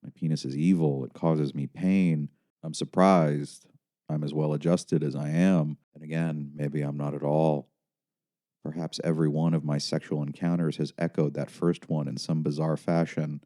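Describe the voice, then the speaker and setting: A man's voice: very deep voice, flat delivery, moderate pace, warm tone. A man narrating his own memoir in an intense, confessional manner. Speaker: author and narrator.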